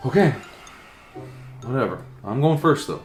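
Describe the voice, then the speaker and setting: A man playing an excitable, easily impressed movie fan who swears gleefully in a comedy sketch. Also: mid-range voice, measured pace, reverberant, soft background music. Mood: excited. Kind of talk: comedic self-debate sketch.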